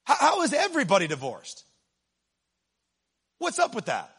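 Guy preaching, really high voice, kinda husky, jokes around then yells. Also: moderate pace. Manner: animated, swings from low asides to shouting, humorous. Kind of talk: sermon.

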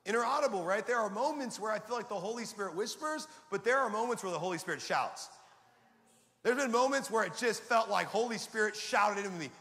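A man preaching a lively, conversational sermon to a congregation and calling for them to answer back. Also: high-pitched, a little fast. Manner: energetic, conversational preaching with audience call-and-response. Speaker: pastor. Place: large hall before a congregation. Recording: long hall reverb.

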